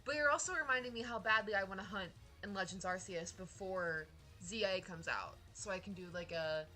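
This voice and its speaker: A young woman streaming, chatting casually in an excitable, rambling way with lots of laughter. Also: mid-range voice, fairly quick, soft background music. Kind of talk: casual live-stream chat.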